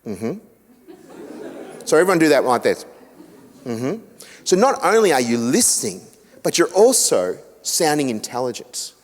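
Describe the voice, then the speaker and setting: A man's voice: medium pitch, measured pace, pauses often. Aussie guy talking to a church crowd, acts out the quotes, pokes fun at himself, big echoey hall. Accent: Australian. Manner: animated storyteller, acts out quotes, self-mocking humour. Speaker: guest speaker on family relationships. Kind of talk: seminar talk to a church group. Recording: echoey hall with long reverb.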